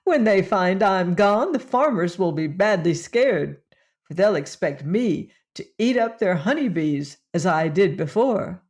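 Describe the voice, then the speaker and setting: A woman's voice: mid-range voice, lively intonation, takes it slowly, a little mellow. A woman voicing a boastful but harmless male beast in an audiobook, proud and easily offended. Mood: gleeful. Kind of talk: audiobook character voice.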